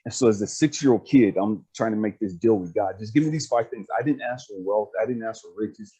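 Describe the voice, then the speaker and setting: Man, earnest storyteller on a video call, mellow husky tone, emphatic and repetitive. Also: fairly low pitch, a little fast. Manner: earnest, emphatic, repeats phrases, often laughs and asks "you know what I mean?". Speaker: speaker and life coach. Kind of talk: casual personal storytelling.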